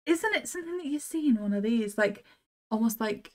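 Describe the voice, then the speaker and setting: A woman's voice: fairly high pitch, expressive, brisk, a little mellow. A woman from the UK co-hosting a casual review podcast, chatty and teasing, going off on tangents. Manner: chatty, teasing, tangent-prone, many "like" fillers. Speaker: co-host.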